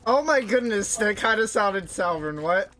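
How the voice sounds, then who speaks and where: A man chimes into a casual chat with quick, joking exclamations. His voice is fairly high and leaps around. Clear music plays behind him. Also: lively intonation, sharp tone.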